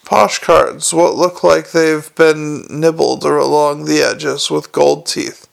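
A scruffy, gloomy young city watchman, voiced by a man. He grumbles his way through every line in a slightly high, gravelly voice. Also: level tone, takes it slowly, heavily acted. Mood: perking up.

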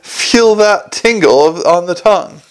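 A sardonic, gruff watch commander drips mock courtesy in a gravelly voice, as a man reads him aloud. His tone stays a little high and sly. It is a storybook figure full of dry menace. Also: lively intonation, a little slow, fairly bright tone, full character voice. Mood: sarcastic. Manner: mock-innocent sarcasm with a snarling edge.

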